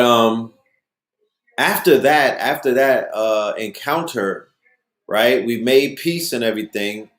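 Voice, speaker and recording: A man's voice: on the low side, roomy sound. A man hosting a casual monologue, telling stories loosely and often asking "you know what I mean". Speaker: host.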